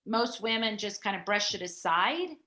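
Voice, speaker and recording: A middle-aged woman, a podcast guest, telling a personal story in a chatty, animated way with many fillers. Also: mid-range voice, moderate pace. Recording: echoey room.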